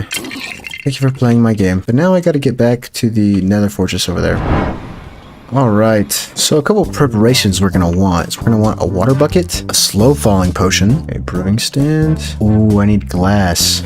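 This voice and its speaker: An excitable man talks his way through a video game in a lowish voice, thinking aloud, joking and now and then humming a tune. Game music plays clearly behind him. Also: moderate pace. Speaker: gaming YouTuber. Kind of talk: let's play commentary.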